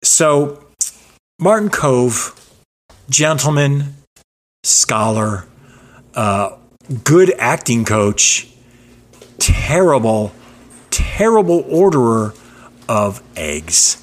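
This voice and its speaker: A man co-hosting a casual podcast, joking about himself and telling animated stories. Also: mid-range voice, very slow, pauses often. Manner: self-mocking, playful, animated storyteller. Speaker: podcast co-host. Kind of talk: casual chat and storytelling.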